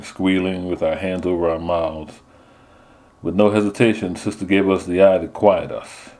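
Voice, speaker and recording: Man, storyteller, measured, vivid, low voice, warm tone. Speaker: narrator. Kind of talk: storytelling reading.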